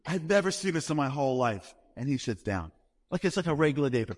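Fast-talking New man telling stories. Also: a little high, long reverb tail. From New York. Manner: fast-talking, animated, acts out reactions. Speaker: speaker telling a personal story. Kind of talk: humorous storytelling talk.

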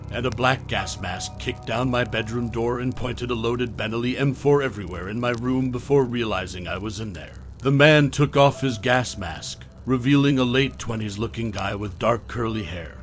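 Man narrating a horror story. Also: mid-range voice.

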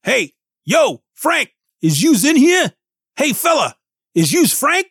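A scrappy little robot barks, his voice pitched up high and lively. He talks tough street slang, bossy and ready to fight, as a man puts him on. The sound is dry and close. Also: slow, dry recording, heavily acted. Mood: gruff. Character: small tough-talking male toy robot.

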